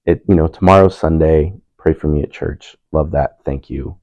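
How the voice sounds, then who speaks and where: Young man, very low voice, dry close sound, relaxed storyteller who laughs often. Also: normal speed, dry recording, rough recording. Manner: relaxed, laughing, animated when quoting others. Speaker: panel speaker. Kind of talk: casual storytelling in a discussion.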